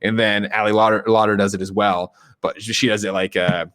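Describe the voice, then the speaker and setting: A man recaps a film on a podcast in a loose, meandering way, swearing and filling gaps with ums. His voice sits low. The sound is dry and close, with no room around it. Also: little pitch movement, fairly quick, fairly bright tone, clean tone, dry recording. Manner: rambling, profane plot retelling with many ums. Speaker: podcast co-host. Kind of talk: casual movie recap on a podcast.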